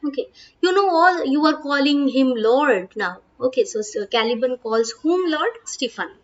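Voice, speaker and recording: Woman with Indian English accent, high voice, explaining a play line by line, muffled lo-fi recording. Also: lively intonation, moderate pace. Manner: reads lines aloud, then paraphrases in plain English with frequent "uh" and "okay". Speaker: English literature teacher.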